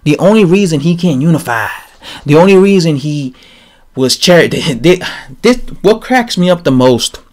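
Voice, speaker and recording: A man giving a casual, rambling opinion rant on his channel, animated and full of fillers and restarts. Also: a little high, normal speed. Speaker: boxing commentator vlogger.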